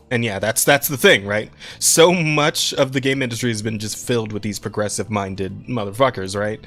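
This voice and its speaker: A man's voice: lowish voice, fairly quick, hardly any pauses, a bit bright. A man co-hosting a podcast, chatting loosely and swearing freely. He trails off and restarts a lot and laughs along the way. Faint music sits under his voice. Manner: rambling, profane, laughs often, many restarts. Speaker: podcast co-host. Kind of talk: casual podcast chat.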